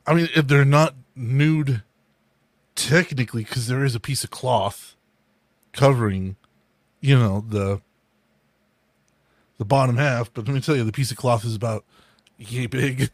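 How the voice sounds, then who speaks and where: A man from the US South co-hosts a casual podcast. He jokes in a laid-back way and swears now and then. His mid-pitched voice is recorded dry and close. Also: unhurried, long pauses, no echo. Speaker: podcast co-host. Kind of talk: casual chat.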